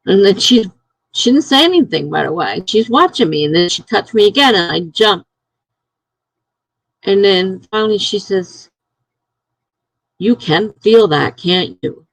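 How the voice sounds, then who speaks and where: A woman's voice: medium pitch, expressive, moderate pace, no echo, low-quality recording. A middle-aged woman live streaming from home, chatting casually and telling stories, acting out what other people said. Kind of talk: casual chat.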